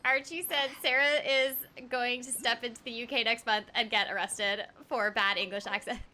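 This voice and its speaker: A woman's voice: on the high side, fairly even intonation, normal speed, bright, forceful tone. A woman from the United States chatting casually and giggling on a game stream as its host. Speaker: streamer and voice actor. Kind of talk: casual chat while gaming.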